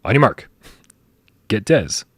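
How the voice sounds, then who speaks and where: A man with a slightly low voice hosts a casual live stream. He chats and jokes as he reads viewer tips aloud. The sound is dry and close. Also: sing-song, slow pace, slightly rough, no echo. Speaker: podcast host.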